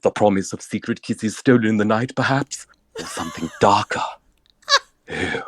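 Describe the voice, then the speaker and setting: A man's voice: fairly low pitch, moderate pace, noisy background, natural voice. A man playing a grandiose, pompous male romance author who reads out florid erotic excerpts in ornate language. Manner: grandiose, theatrical, ornate wording.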